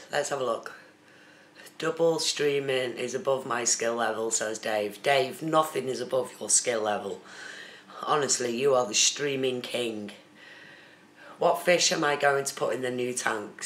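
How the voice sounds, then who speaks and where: A woman's voice: very deep voice, a little slow, fairly bright tone. A woman from the UK chatting casually on a live stream, reading out viewer comments and answering them. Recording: echoey room with faint noise.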